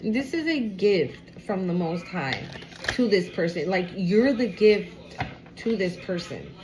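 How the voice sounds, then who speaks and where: A woman giving a casual tarot reading to camera. She is animated and expressive, swears freely and talks aloud to spirit. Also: medium pitch, takes it slowly, background noise. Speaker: tarot card reader.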